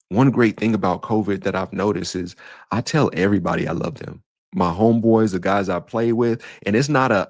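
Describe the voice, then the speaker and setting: A man's voice: low voice, brisk, no echo, studio quality. A man hosting a solo podcast as a life coach, talking in an earnest, conversational way with casual slang and frequent restarts.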